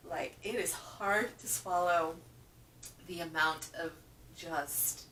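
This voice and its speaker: A woman's voice: on the low side, sharp tone. A woman casually chatting through a reading wrap-up, emphatic and repeating words for stress. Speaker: book reviewer. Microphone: camera microphone. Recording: roomy, from a distance with faint hum.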